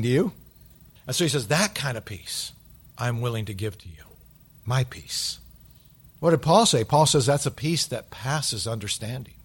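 Middle-aged male pastor, sermon delivery, emphatic peaks and soft low asides. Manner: swings from loud emphatic bursts to hushed low asides.

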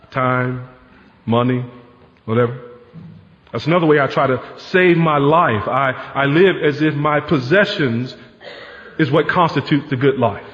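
A man's voice: on the high side, moderate pace, fairly bright tone. A man preaching a sermon as pastor, in a conversational way with frequent rhetorical asides. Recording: dull sound with long hall reverb.

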